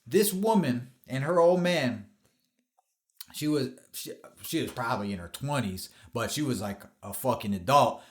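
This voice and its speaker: A man's voice: medium pitch, normal speed. Profane man telling street stories. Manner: profane, animated storyteller who acts out quotes. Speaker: podcast host. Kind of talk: casual storytelling chat.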